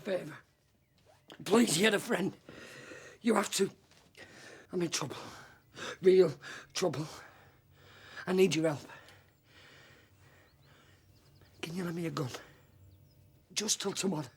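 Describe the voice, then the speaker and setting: An actor playing a desperate, henpecked married clerk who pleads frantically and breaks into shouted rants. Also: male voice, high voice, measured pace, long pauses, husky, full character voice. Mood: pleading. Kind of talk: filmed comedy drama acting.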